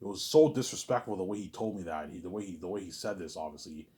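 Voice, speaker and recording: A man's voice: sits low, animated, quick pace, dark tone. Stammering young man rambling to camera. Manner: repetitive, stammering, ends lines with a trailing mumbled "obviously". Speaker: vlogger.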